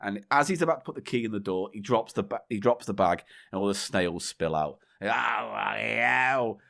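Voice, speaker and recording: A man's voice: on the low side, animated, quick pace. A man co-hosting a casual podcast, joking around and telling a long joke. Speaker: co-host.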